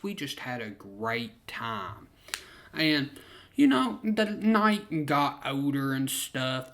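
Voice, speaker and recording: Slow-talking young adult storyteller. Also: medium pitch, a bit bright. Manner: profane, laid-back storytelling. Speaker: vlogger. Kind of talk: casual storytime.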